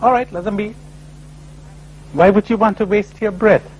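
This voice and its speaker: A man giving a spiritual talk to a live audience, animated and full of rhetorical questions, often acting out other people's replies. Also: high voice, moderate pace, dull audio, slight background noise. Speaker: spiritual speaker. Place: lecture before a live audience.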